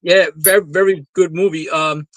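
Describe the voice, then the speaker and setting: Male co-host, high and crisp voice, eager and halting, dry sound. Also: steady tone, no echo, low-quality recording. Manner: enthusiastic, halting with fillers. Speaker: podcast co-host. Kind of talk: casual film chat.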